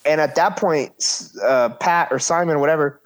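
A man's voice: on the high side, moderate pace. A man in his thirties casually telling a story about his wrestling career, acting out quoted voices and swearing freely.

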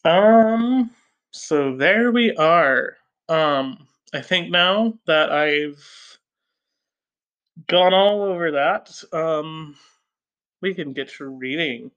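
Slow, bright-voiced man reading aloud. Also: a little high, clean tone, dull audio. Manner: hesitant, self-correcting, many fillers and laughs at own slips. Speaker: podcast host reading a novel aloud. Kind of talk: casual audiobook reading with chatty asides.

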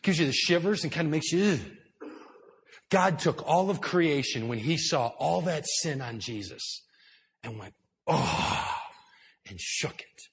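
A man preaching a sermon in a church hall, telling the story with drama and dropping to hushed tones before building up louder. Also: fairly high pitch, unhurried. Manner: dramatic storytelling, swinging between hushed and loud. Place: indoor church hall with high ceiling.

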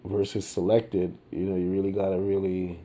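A man's voice: low-pitched, level tone, dark tone. A man hosting a podcast, giving his opinions in a casual, meandering monologue full of fillers and laid-back slang. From United States. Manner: slow and meandering, many fillers and restarts; laid-back, colloquial speech. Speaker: podcast host.

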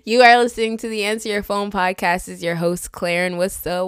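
A woman's voice: mid-range voice, steady tone, fairly quick, few pauses, clear, resonant tone, no room sound, studio quality. A woman in her thirties hosting a podcast, talking in a chatty, playful, sassy way. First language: immigrant with a fading accent. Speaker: podcast host. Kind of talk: casual chat monologue.

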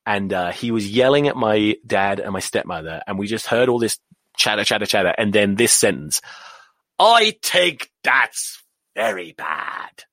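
An English man in his thirties hosting a podcast, ranting casually about rugby in an animated, sweary way that keeps wandering off on tangents. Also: fairly low pitch, fairly quick, no echo, clean studio sound. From England. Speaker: podcast host.

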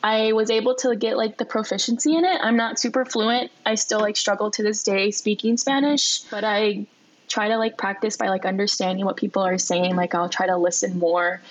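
A young woman chatting casually on a podcast, halting and filling her speech with "like". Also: mid-range voice, steady tone, dry recording, rough recording. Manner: halting, says "like" constantly. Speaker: podcast guest. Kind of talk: casual chat.

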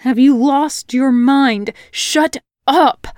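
A woman's voice: sits high, very slow, darkish tone, dry recording. A woman reading an audiobook voices a brooding male fae prince who snaps and hisses with anxious tension, staying close to her own voice. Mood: alarmed pleading. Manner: tense, snapping, hissing.

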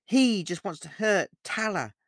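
A man's voice: on the high side, animated, measured pace, a bit bright, dry recording, clean studio sound. A man voicing a frightened pregnant young woman who is a werewolf, in an audiobook reading, speaking in a raised, urgent, pleading way.

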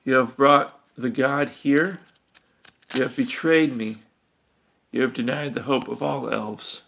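A man's voice: mid-range voice, fairly even intonation, slow, gravelly, a bit bright, exaggerated voice. A man voicing a harsh betrayed female elf. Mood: accusing. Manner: barking harshly.

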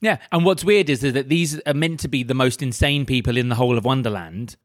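A man's voice: medium pitch, a little fast, no room sound, studio quality. Jokey man in a casual book chat. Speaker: podcast co-host.

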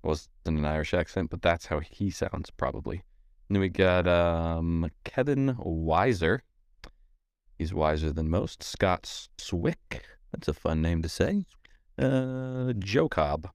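Deep-voiced joking podcast co-host man. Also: expressive, slow, clear, resonant tone, no echo, studio quality. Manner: jokey, reads out sponsor and patron thanks. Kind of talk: casual podcast chat.

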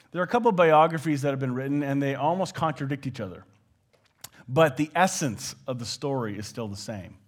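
A man delivering a sermon from the pulpit, speaking at a middle pitch in a loose, conversational manner. He drops into little quoted phrases of everyday talk as he preaches. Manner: conversational, with animated quoted asides. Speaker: pastor.

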